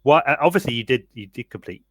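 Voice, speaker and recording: A man's voice: medium pitch, lively intonation, fast talker, a bit bright, dry recording. A man co-hosting a podcast, talking casually and animatedly, with many fillers and laughs. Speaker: podcast co-host. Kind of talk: casual chat.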